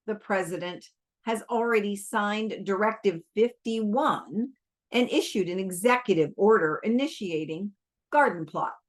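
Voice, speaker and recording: A woman reading aloud, voicing a gruff, blunt army general who speaks in a curt, commanding way. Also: medium pitch, unhurried, close to an everyday voice. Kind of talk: audiobook reading.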